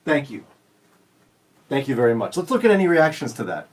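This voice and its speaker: A man's voice: medium pitch, big pitch swings, a little fast, distant mic, low-quality recording. A man in his forties hosting a radio show, telling stories in a jokey, self-teasing way. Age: 40s. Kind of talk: casual studio chat. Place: radio studio.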